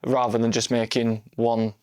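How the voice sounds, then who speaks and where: A man's voice: medium pitch, completely flat delivery, moderate pace, a little mellow, clean tone, dry recording, clean studio sound. A man, co-hosting a casual football podcast, talking bluntly and laughing often. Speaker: podcast co-host.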